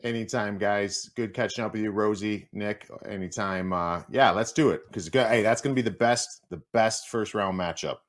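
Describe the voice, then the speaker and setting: Here a man in his forties spins hockey yarns in loose, casual talk on a remote call. His voice sits fairly low, but it leaps up sharply whenever he acts out what someone said. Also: normal speed, few pauses. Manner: animated, acts out quotes with big pitch jumps. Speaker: guest, former hockey player. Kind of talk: casual storytelling chat.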